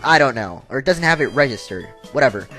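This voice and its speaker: A man's voice: medium pitch, expressive, quick pace, sharp tone, faint music behind. A man hosting a video game playthrough, chatting casually with rambling asides and lots of fillers. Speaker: let's play host. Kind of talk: casual gameplay commentary.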